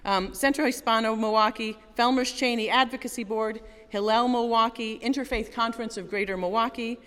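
This is a woman speaking at a community gathering, earnest and deliberate. Her phrases come in rhythmic, building lists. The voice rings out in a large hall with a long reverb tail. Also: a little high, steady tone, fairly bright tone. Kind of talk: public rally speech.

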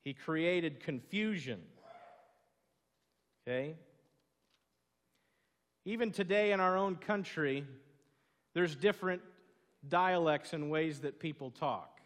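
Southern-accented pastor in a reverberant hall. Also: male voice, on the high side, slow, pauses often. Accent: Southern American. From southern United States. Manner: storytelling, conversational, asks the congregation questions. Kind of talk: sermon.

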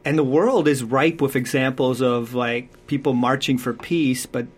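A man talking earnestly about parenting in a relaxed conversation, acting out what parents and children say. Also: mid-range voice, moderate pace, slightly rough. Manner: acts out quoted voices, thoughtful and earnest. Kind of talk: conversational advice talk.

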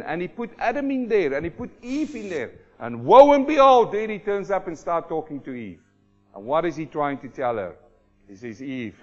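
Male preacher, high and animated, acts things out mid-sermon, church recording a bit muffled. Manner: animated, acts out everyday people in quick asides. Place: church congregation hall.

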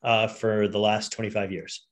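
A man from Connecticut, a lawyer and singer, speaking as a relaxed, polite podcast guest. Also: on the low side, normal speed. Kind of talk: casual interview.

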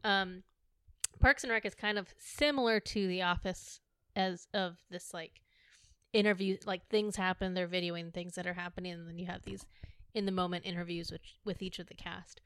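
A woman's voice: fairly low pitch, steady tone, moderate pace, fairly bright tone, smooth, no room sound, clean studio sound. A young woman co-hosting a podcast in casual chat, matter-of-fact and teasing. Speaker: podcast co-host.

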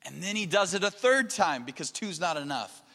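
A man preaching a sermon, dropping to a hushed low voice and then rising to loud, emphatic lines. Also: lively intonation, moderate pace. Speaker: pastor. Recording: long hall reverb.

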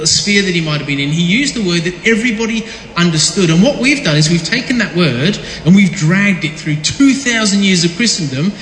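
A man with a high, expressive, brisk and fairly bright voice gives a casual sermon as pastor in a large, echoey church hall with long reverb. He jokes and talks with his congregation, often restarting and repeating words.

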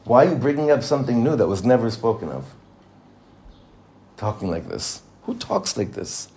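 A man's voice: medium pitch, big pitch swings, normal speed, warm tone, a little hiss or hum. A man voicing the cynical inner voice of the evil inclination, scoffing with indignant questions.

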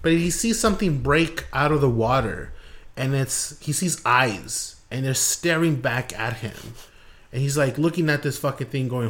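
A man's voice: medium pitch, normal speed, a bit bright. A young man casually retelling creepy creature stories on a podcast, with lots of fillers, restarts and swearing. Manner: rambling, profane, lots of fillers. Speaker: podcast host. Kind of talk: casual storytelling chat.

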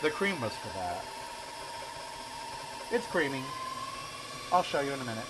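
Chatty sixty-year-old man with a lively voice. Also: medium pitch, unhurried, background noise. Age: 60s. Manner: chatty and opinionated, sassy asides. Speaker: cooking show host. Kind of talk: casual kitchen chat while cooking. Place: home kitchen.

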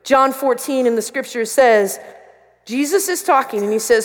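High-voiced woman preaching, lively story. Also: normal speed. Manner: animated storyteller, acts out her own panic. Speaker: pastor. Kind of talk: sermon to students with a personal story. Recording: long reverb of a large hall.

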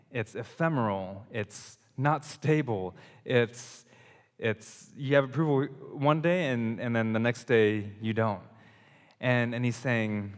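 A man in his thirties preaching a conversational, emphatic sermon, often restarting his phrases as he works through his point. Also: mid-range voice. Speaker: pastor. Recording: long hall reverb.

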